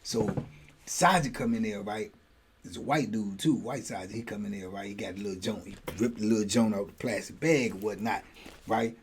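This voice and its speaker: A man's voice: lowish voice, a little fast, breathy edge. A middle-aged man and channel host telling a story in a casual way, slipping into voices for the people in it. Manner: animated, slips into voices for the people in his story.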